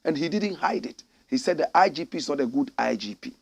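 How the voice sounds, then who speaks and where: A man's voice: a little high, lively intonation, brisk, vocal fry, slightly rough. A Ghanaian man giving impassioned political commentary, indignant and full of rhetorical questions, calling listeners his brothers and sisters.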